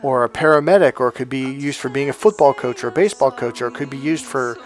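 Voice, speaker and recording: A man's voice: medium pitch, fast. Casual, profane man telling a story. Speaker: motivational coach. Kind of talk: storytelling monologue.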